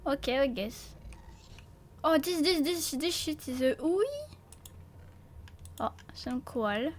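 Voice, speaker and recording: A woman's voice: high voice, lively intonation, slow pace, slight background noise. A woman with a French accent giving live gameplay commentary as a streamer, jumpy and stammering, swearing and laughing often.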